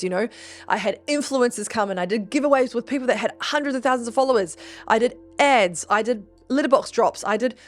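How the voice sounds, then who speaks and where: A woman host tells a story in a loose, chatty way, jumping up high when she acts out what others said and swearing freely. Her voice sits at a middle pitch, and a faint bed of music plays behind her. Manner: chatty and animated, acting out quotes with big pitch jumps and frequent swearing. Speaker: podcast host. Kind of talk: casual storytelling monologue. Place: Gold Coast region.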